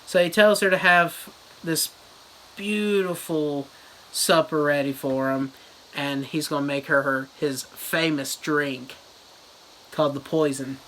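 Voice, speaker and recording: A reviewer retelling a novel as a crude, rambling comedy summary with deadpan jokes. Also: medium pitch, takes it slowly, a little hiss or hum, rough recording. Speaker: book reviewer.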